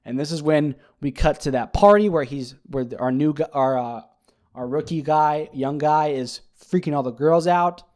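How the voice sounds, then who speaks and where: A man's voice: a little high, moderate pace. Rambling man recapping a show. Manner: rambling, animated, many fillers and restarts. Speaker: podcast host. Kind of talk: casual solo recap chat.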